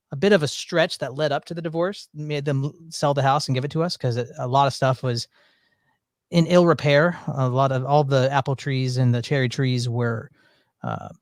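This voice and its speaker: A man's voice: mid-range voice, no echo, clean studio sound. A man hosting a casual chat, telling rambling stories with many fillers and restarts. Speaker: podcast host.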